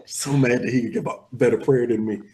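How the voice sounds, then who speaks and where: A man co-hosting a podcast in casual chat, joking loudly and swearing. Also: medium pitch, fast talker, crowd noise. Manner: loud, swearing, animated joking. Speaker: podcast co-host.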